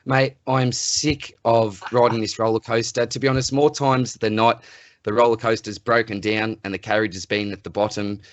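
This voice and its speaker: Australian male podcast co-host, low voice, dry close sound, animated ranter. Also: normal speed, dry recording, highs cut off. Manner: animated ranting, exasperated. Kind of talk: casual sports podcast chat.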